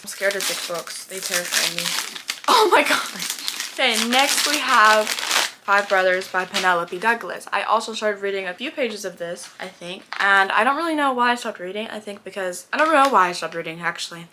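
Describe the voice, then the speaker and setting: A bubbly young woman chats casually about her books, her voice bright and clear at an ordinary pitch. She rambles and cuts herself off, over a faint hiss behind her. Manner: rambling, bubbly, self-interrupting. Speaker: book vlogger. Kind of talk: casual chat. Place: bedroom with bookshelves.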